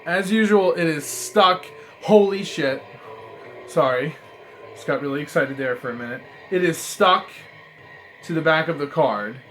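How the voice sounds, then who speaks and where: Excitable, profane man reviewing cards. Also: on the high side, moderate pace, faint music behind. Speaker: trading card reviewer. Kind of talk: casual review vlog. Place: apartment room.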